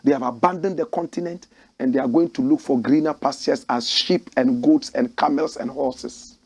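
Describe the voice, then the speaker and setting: A Ghanaian man hosting an opinionated commentary show, talking in a forceful, preaching way with slogan-like lines. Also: medium pitch, normal speed, husky.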